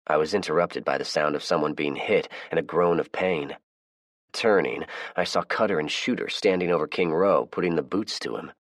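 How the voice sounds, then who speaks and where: A man with a very deep voice reads a first-person audiobook in a measured, even manner. The sound is dry and close, with no room echo. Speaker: audiobook narrator.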